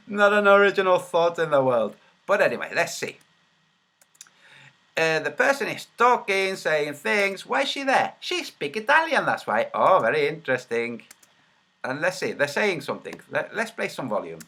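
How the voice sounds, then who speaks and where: A man talks through a casual livestream, muttering while he hunts for things on screen and turning sarcastic and mocking as he comments. His voice sits a little high and swings widely in pitch. It has a bright, forceful edge. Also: sing-song, moderate pace. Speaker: video host.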